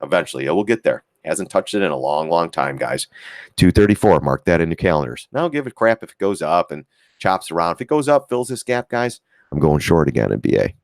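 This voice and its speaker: A man's voice: low-pitched, brisk, no room sound, clean studio sound. A man giving blunt, profane live-stream commentary on stock charts and talking to viewers as guys. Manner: lively, mocks critics in put-on voices.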